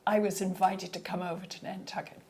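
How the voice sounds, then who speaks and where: A woman's voice: fairly low pitch, little pitch movement, brisk, a little mellow. A woman from Scotland reminiscing in a chatty, wry way in an interview. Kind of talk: humorous reminiscing.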